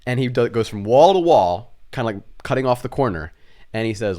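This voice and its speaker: A young man co-hosting a podcast, telling a childhood story in a casual, animated, self-mocking way. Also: mid-range voice, brisk. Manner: animated, self-mocking storyteller who acts out family voices. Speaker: podcast co-host.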